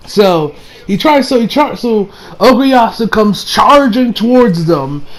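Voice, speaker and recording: A man's voice: high-pitched, lively intonation, slow pace, rough recording. A man casually recapping an anime episode, rambling with many fillers and restarts. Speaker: anime reviewer.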